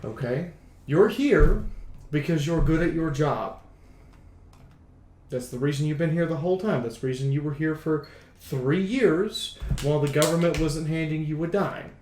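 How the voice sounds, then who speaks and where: A man hosting a live tabletop game stream, rambling and teasing the players, often stammering and restarting his sentences. His voice sits on the high side and carries a roomy echo. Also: moderate pace, darkish tone, a little hiss or hum. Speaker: game master and stream host.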